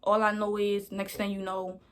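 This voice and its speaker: A woman's voice: mid-range voice, monotone, normal speed, a bit bright. A young woman vlogger telling a storytime in a rambling, slangy way, often calling her viewers y'all. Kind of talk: casual storytime.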